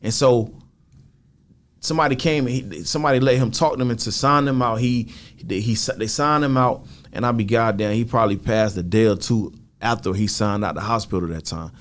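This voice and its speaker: A man's voice: medium pitch, fairly quick. A middle-aged man as a podcast guest, telling a story in casual talk and acting out what others said, with plenty of swearing. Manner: animated retelling, acts out quoted dialogue, heavy swearing.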